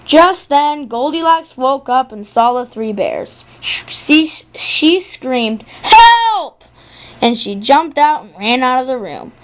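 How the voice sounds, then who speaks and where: A high, bouncy young female voice reads a children's fairy tale slowly and carefully. Her pitch swoops up and down in a sing-song storytelling way, with the odd small stumble over a word. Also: animated. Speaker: narrator. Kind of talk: reading a storybook aloud.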